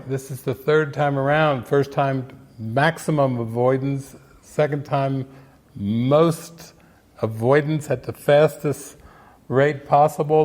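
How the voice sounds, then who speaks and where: A man talking unhurriedly in a fairly high voice, musing over a film scene as a spiritual teacher. He is playful and breaks into laughter now and then. He slips into quoted voices as he goes. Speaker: spiritual teacher giving movie commentary. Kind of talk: casual spiritual commentary.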